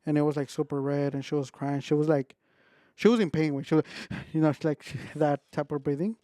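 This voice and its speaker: A man's voice: a little high, steady tone, brisk, dark tone, dry recording, studio quality. A young man, a podcast co-host, telling a family story in a rambling casual way and acting out what people said. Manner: rambling, acts out his own quotes.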